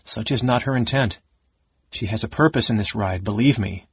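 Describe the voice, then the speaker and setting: A man reading an audiobook, voicing a cold, sardonic male mage who speaks softly and evenly. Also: fairly low pitch, slightly rough, no echo, dull audio. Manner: soft, measured, icy.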